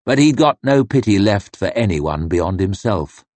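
A man reading an audiobook narration with expressive, varied delivery. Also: lowish voice, moderate pace, dry recording. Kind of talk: scripted fantasy narration.

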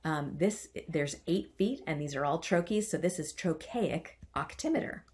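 A woman's voice: low voice, lively intonation, moderate pace, darkish tone. A woman teaching a writing workshop. She chants the stressed beats aloud and adds playful, self-mocking asides. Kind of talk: online writing lesson.

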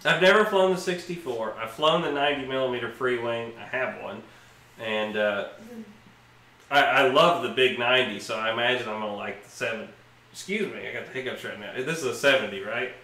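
A man's voice: mid-range voice, brisk, pushed and bright, roomy sound. A man co-hosting a livestream, talking in an easygoing, enthusiastic way. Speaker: livestream co-host. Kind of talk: casual chat.

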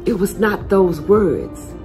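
Impassioned woman preacher, slow and lively. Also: mid-range voice, soft background music. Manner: impassioned, swinging from hushed to loud, calls out amen. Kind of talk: motivational sermon.

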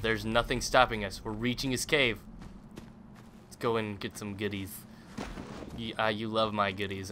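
A young man hosting a let's play, giving playful, joking commentary with sudden loud outbursts as he plays. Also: lowish voice, a little hiss or hum. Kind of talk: gameplay commentary.

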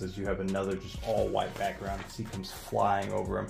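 A man's voice: low-pitched, monotone, a little fast, creaky, music in the background. A man reading a comic book aloud in a casual read-along, recapping in an enthusiastic, rambling way.

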